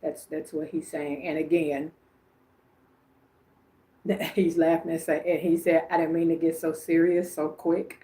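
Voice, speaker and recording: A woman's voice: sits low, flat delivery, measured pace, pauses often, warm tone, a little hiss or hum. A woman from Illinois hosting a livestream as a psychic medium, relaying messages in a chatty, informal way and laughing often between phrases. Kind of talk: casual livestream psychic reading.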